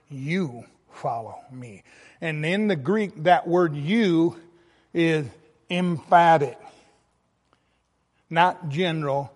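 A man's voice: a little high, in a large hall. A man preaching a sermon, reading scripture aloud and stressing key words with emphasis. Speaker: pastor.

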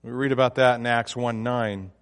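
A man's voice: mid-range voice, steady tone, moderate pace, clean tone, in a large hall. A man preaching a sermon, emphatic and often restarting his phrases. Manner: emphatic, with frequent restarts and fillers.

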